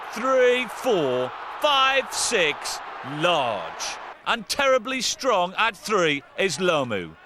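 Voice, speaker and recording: A man presenting rugby clips in lively, boisterous commentary, breaking into shouts. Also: sits high, background noise.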